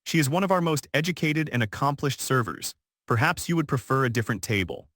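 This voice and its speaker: A man's voice: mid-range voice, animated, fairly quick, a bit bright, dry recording, clean studio sound. A man reading the lines of a formal, stern male restaurant manager with a French accent, in a synthetic storybook narration.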